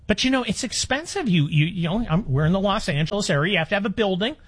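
An older man in his sixties holds forth on talk radio with a lively, swinging pitch. His delivery is wry and rambling, full of quick restarts and exasperated asides. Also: breathy edge. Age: 60s. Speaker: radio talk show host.

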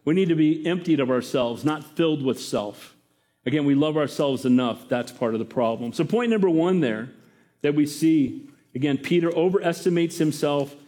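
Pastor, male, fairly high voice; preaches with energy and keeps asking the congregation questions. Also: normal speed. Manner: lively, talks to the congregation with questions. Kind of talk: sermon.

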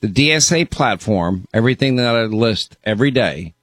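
A man from Long Island hosting a call-in radio show, taking callers in a brisk, chatty way. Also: on the low side, expressive, fairly bright tone, no echo, soft background music. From Long Island, New York. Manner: brisk, chatty, time-pressed. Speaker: radio talk show host.

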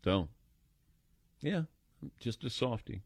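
An older man hosting a call-in radio show, telling stories about himself with animated, self-mocking humor. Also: mid-range voice, slow pace, creaky, dry recording, studio quality.

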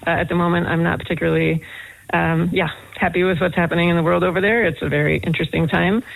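A woman's voice: lowish voice, quick pace, vocal fry, no echo, poor audio. A woman from Boston with an American accent, a guest professor chatting in a radio interview and telling stories with lots of fillers. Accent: American, Boston area. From Boston, United States. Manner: chatty, animated storyteller with many fillers.

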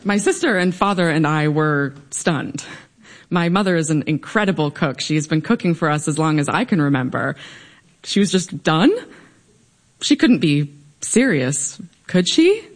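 A young woman telling a humorous personal story on stage before a live audience, in a wry, lively way. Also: deep voice, moderate pace. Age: young adult.

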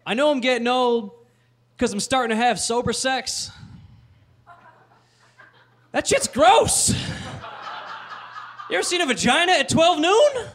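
A man delivers stand-up in a very high voice with a dry, deadpan rhythm. Faint noise sits behind him. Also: measured pace, pauses often. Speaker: stand-up comedian. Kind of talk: stand-up routine.

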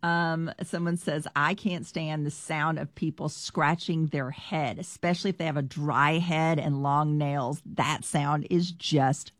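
A woman's voice: deep voice, fairly even intonation, unhurried, hardly any pauses, no room sound, studio quality. A middle-aged woman co-hosting a radio show in casual banter, laughing often as she reads out listener messages.

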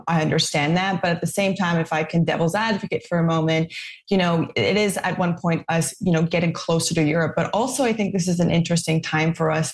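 A woman from Quebec, speaking as a thoughtful, articulate panelist in a discussion. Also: lowish voice. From Quebec, Canada.

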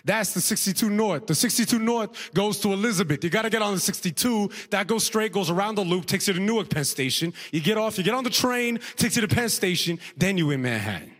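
A man putting on a brisk, upbeat airport security officer, high-pitched and sure of himself. He rattles off directions in a rapid, chatty stream. His voice swings up and down as he lists each stop. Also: expressive, fairly bright tone, big-room sound. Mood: helpful. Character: confident friendly male airport security officer.

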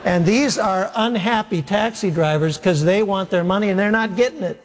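A pastor tells a sermon story with a wry, self-mocking humor and plays every part in the exchange himself. His voice sits a little high for a man. The sound rings out with the long reverb of a large hall. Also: moderate pace. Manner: animated, self-mocking storyteller acting out dialogue.

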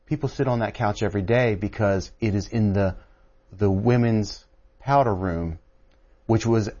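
A man who wrote a book, telling a story as a guest on a call-in radio show. He talks in an animated way and keeps restarting his sentences. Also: lowish voice, highs cut off. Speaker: author guest.

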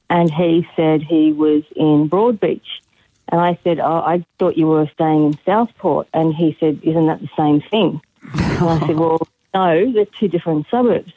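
A woman's voice: fairly low pitch, no echo. A woman calling in to a radio show, telling a story in a chatty way and quoting people as she goes. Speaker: caller. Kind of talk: casual phone-in anecdote. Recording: tinny phone line.

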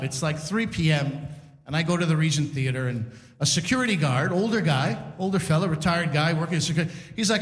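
A man hosting a live stand-up show, telling a story in a chatty, animated way with restarts and asides. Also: high voice. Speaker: stand-up comedian and show host. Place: stage in a community center hall. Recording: roomy live hall reverb.

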